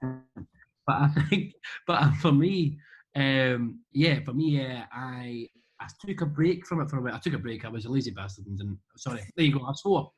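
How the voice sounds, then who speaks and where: Husky Scottish man rambling jokily. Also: medium pitch, moderate pace, soft background music, rough recording. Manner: self-deprecating, jokey, trailing restarts. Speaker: interview guest. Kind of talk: rambling casual chat. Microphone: video call webcam.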